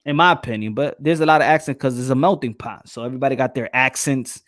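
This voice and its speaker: A man's voice: mid-range voice, quick pace, fairly bright tone, no echo, clean studio sound. A man with a New York accent hosting a casual chat, loose and slangy, laughing often. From New York City. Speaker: podcast host.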